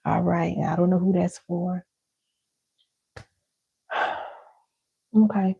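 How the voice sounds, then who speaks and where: Woman teacher, deep and dark, husky, emphatic and direct with her audience; dull lo-fi recording. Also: level tone, very slow. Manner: emphatic, repeats key lines, calls listeners baby and y'all. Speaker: parenting and healing teacher.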